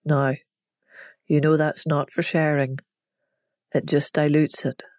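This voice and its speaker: A storyteller voicing a village mother who makes herbal tinctures, teasing her daughter yet sharp underneath. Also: medium pitch, flat delivery, takes it slowly, no echo, clean studio sound, close to an everyday voice. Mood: wise.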